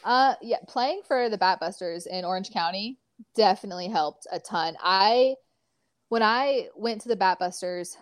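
A woman in her twenties from California, an athlete, chats casually as an interview guest, telling animated stories full of fillers. Her voice is mid-range at a normal speed. The studio-quality recording has no room sound.

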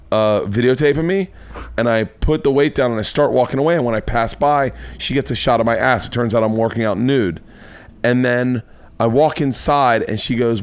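Animated, foul-mouthed man telling stories. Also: clear, resonant tone, no echo. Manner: animated storytelling, swears freely, voice jumps higher when excited. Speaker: comedian podcast host. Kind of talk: casual comedic monologue. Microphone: podcast mic.

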